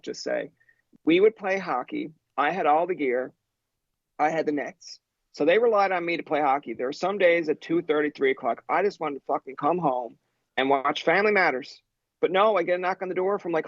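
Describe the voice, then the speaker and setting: A man from Newfoundland in his thirties, a podcast guest telling stories in an animated, profane way and acting out the people in them. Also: a little high, dry recording, dull audio. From Newfoundland, Canada. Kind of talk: casual storytelling chat.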